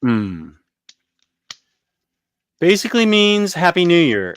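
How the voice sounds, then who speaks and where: Casual man hosting a comic stream, chatty and jokey, smooth clear voice, close dry sound. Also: medium pitch, expressive, measured pace, a bit bright, dry recording. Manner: chatty, jokey, thinking aloud while browsing. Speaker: comic book show host. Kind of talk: casual live-stream chat.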